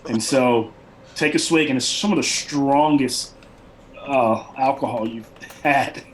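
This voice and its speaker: A man's voice: medium pitch, measured pace, low-quality recording. A man narrating a tabletop game as game master, with a rambling, loose delivery. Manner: rambling, many fillers and restarts.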